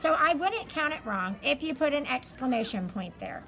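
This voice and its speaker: A woman's voice: high-pitched, animated, normal speed, background noise. A woman elementary school teacher going over a study guide, explaining each answer patiently and step by step.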